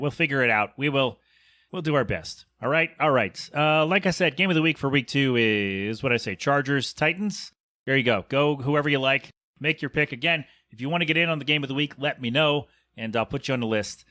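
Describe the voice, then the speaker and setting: Male podcast host, bright dry close-mic sound, rambling jokey sign-off. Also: mid-range voice, no echo. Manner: self-deprecating, meandering and jokey.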